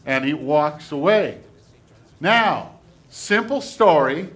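A man, a pastor, giving a children's sermon in a church, speaking in a gentle, animated way to kids. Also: fairly high pitch. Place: church sanctuary.

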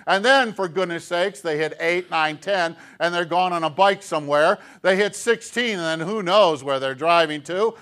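A man's voice: sits high, normal speed, few pauses, a bit bright. A middle-aged man preaching a sermon as pastor, in a conversational, self-deprecating way full of rhetorical questions.

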